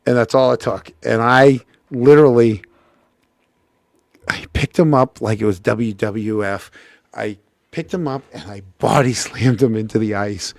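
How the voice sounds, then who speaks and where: A middle-aged man with a gravelly, creaky voice spins a casual story. He acts out every quote with sudden leaps in pitch and restarts his sentences often. The sound is close and dry. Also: normal speed, no room sound. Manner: animated, acts out quotes with big pitch jumps, frequent restarts. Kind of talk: casual anecdote telling.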